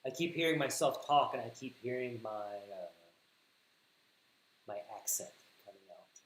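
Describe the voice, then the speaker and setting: A man's voice: medium pitch, animated, a little slow. Man, Southern US accent, algebra livestream teacher, self-correcting, roomy echo with light hiss. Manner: thinks aloud, corrects himself, repeats words for emphasis. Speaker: math teacher. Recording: echoey room with faint hiss.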